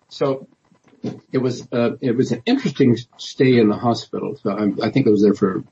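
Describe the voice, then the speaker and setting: A man's voice: medium pitch, animated, normal speed, vocal fry, warm tone, breathy edge, lo-fi sound. A man, a politician guest in an interview, telling his story in a rambling way with many restarts and fillers. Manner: rambling, many restarts and "you know", laughs often.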